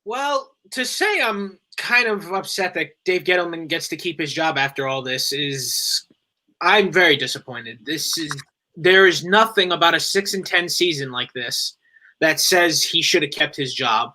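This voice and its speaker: A man's voice: a little high, animated, measured pace, sharp tone. A man co-hosting a sports talk show, giving frustrated, opinionated takes on his team. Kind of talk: casual sports discussion.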